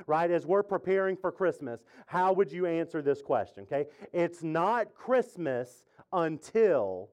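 Chatty, jokey pastor with a high voice. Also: male voice. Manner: chatty, jokey, asks the congregation questions. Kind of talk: casual conversational sermon. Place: church sanctuary with congregation.

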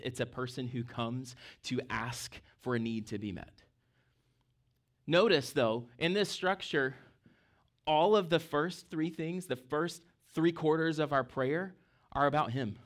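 A man's voice: medium pitch, gravelly. A man, a pastor, preaching a conversational sermon, checking in with the congregation and laughing between points. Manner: conversational preaching with frequent "okay?" check-ins.

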